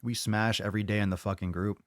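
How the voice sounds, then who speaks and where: A low-voiced man hosts a casual livestream podcast, ranting at his listeners and cursing freely. His delivery is loose, profane, and driven, with quick pacing, fairly flat pitch, and a slightly bright tone. He's recorded close to the mic in a dry, echo-free room.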